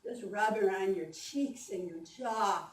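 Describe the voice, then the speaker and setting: A woman voice coach giving an animated, encouraging conference workshop and leading the audience through exercises. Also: medium pitch, measured pace, slight background noise. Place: conference hall. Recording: echoey hall, mic from a distance.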